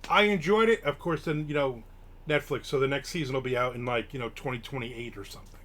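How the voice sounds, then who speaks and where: A middle-aged man talks loosely to his live chat, wandering from one thing to the next with plenty of fillers. His voice sits at a plain middle pitch, and now and then he gets suddenly worked up before settling back down. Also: fast. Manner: rambling, many fillers, bursts of excitement. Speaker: live stream host. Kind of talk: casual chat, reading and answering chat.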